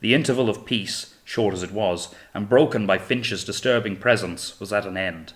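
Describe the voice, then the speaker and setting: A man reading an audiobook of a naval novel in a steady, measured way. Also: on the low side. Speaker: audiobook narrator. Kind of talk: scripted audiobook narration.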